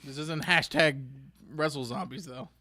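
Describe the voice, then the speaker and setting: Offhand man, fairly high voice. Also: unhurried, sharp tone, no room sound, studio quality. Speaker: podcast co-host. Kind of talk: casual chat.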